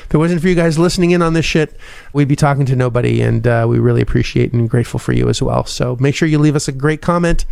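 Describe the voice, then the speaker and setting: A man's voice: medium pitch, fast talker, gravelly, few pauses, darkish tone, dry recording. Podcast host guy, lil lisp, rambling, dry close sound. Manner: rambling, self-deprecating, laughs often. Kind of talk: casual podcast wrap-up.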